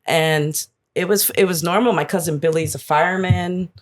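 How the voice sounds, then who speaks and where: A woman's voice: lowish voice, fairly even intonation, normal speed. A woman in her forties from Queens, speaking candidly as a podcast guest, laughing easily and swearing casually. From Flushing, Queens, New York. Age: 40s. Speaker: guest, sister of a fallen police officer.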